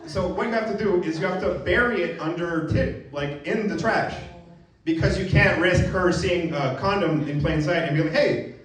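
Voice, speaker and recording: A young man doing a self-mocking stand-up comedy set, jumping into acted voices and going from mumbled asides to loud punchlines. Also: normal speed. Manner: animated, self-mocking, jumps into high-pitched acted voices. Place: comedy venue with a live audience. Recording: roomy, distant live club recording with crowd laughter. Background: audience laughing.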